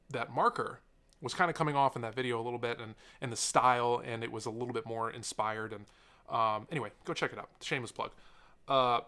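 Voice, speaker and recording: A young man sits and talks straight to the camera in an unscripted vlog. His voice is bright and forward, and he drifts between sidetracks with plenty of fillers. He speaks earnestly and openly. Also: mid-range voice. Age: young adult. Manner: rambling, sidetracked, many fillers. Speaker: tech YouTuber. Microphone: camera mic, seated talking to camera.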